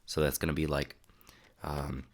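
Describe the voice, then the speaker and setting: A man's voice: a bass voice, moderate pace, background noise. A young man with a stuffy, sniffly voice, chatting casually and rambling on a live stream from his home desk. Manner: relaxed, rambling, reads chat aloud. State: congested, sniffling.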